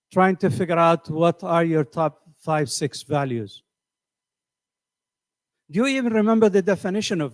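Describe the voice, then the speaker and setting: A man's voice: fairly high pitch, no echo. A middle-aged man teaching a class, asking his students questions and often repeating words as he thinks. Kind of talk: classroom lecture.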